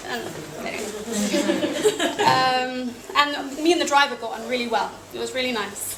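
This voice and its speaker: A high-voiced British woman from England tells personal travel stories to an audience at a live event in a cafe room, wry and self-deprecating with small laughs. Her tone is steady and her pace moderate, while the echoey cafe carries a loud, noisy crowd.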